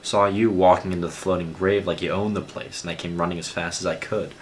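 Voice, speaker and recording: A man voicing a big burly thief who is fierce and anguished, loud and raw. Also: sits low, steady tone, fairly quick, a little hiss or hum, natural voice. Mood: gruff.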